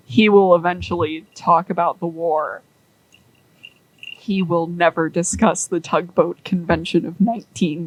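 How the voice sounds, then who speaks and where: A woman's voice: on the low side, no echo, poor audio. A woman rambling through a story in casual chat, with lots of "like" and acted-out quotes. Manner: rambling, many "like"s, acts out quoted characters.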